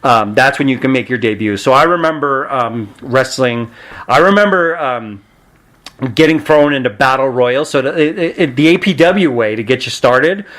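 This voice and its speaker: A man in his forties, a podcast guest, telling stories in a casual chat and acting out quotes in a higher voice. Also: normal speed. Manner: animated, laughing, acts out quotes in a higher voice. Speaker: podcast guest, pro wrestler.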